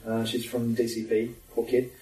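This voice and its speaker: A man's voice: medium pitch, monotone, moderate pace, dark tone. A man chatting casually as a podcast guest, telling stories in a laid-back way and laughing often. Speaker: guest, personal trainer and mentor. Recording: roomy sound, mic far off.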